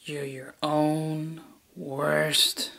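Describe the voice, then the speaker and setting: A man voicing a sinister male double in whispered role-play, with slow, hushed, drawn-out menace. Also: a little high, steady tone, creaky, full character voice. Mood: menacing.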